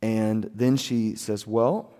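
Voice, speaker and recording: A soft-spoken man preaching a sermon as a pastor, telling his story in an earnest, confessional way. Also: fairly low pitch, moderate pace. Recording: long hall reverb.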